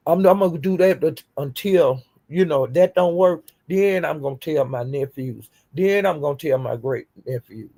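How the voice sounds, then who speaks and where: Older woman streamer, husky and gravelly, dark tone, profane defiant rant. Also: sits low, normal speed, few pauses. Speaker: YouTube streamer. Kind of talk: livestream rant.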